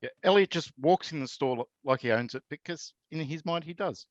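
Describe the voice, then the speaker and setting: A man's voice: fairly high pitch, brisk, dull audio. A man playing a kid in a tabletop game, joking and teasing the others. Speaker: player.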